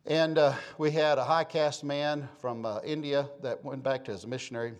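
High-voiced preacher repeating for emphasis. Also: male voice. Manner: emphatic preacher, repeats phrases, calls for amen. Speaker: pastor. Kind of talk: sermon.

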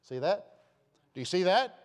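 A man preaching a sermon with passion, swinging between loud declarations and soft asides and posing rhetorical questions to his listeners. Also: sits high, sing-song, moderate pace.

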